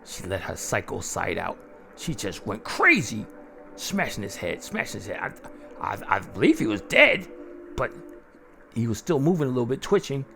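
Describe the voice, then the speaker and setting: A man narrating a first-person horror story in a gleeful, chuckling, drawn-out way. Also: on the low side, sing-song, creaky, pushed and bright, soft background music.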